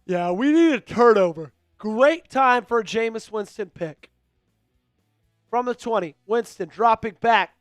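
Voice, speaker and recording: A man hosting a live stream, calling plays and hyping up his viewers with excitable energy. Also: high voice, a little slow, dry recording, faint music behind. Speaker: host of a team live stream. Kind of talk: live play-by-play commentary.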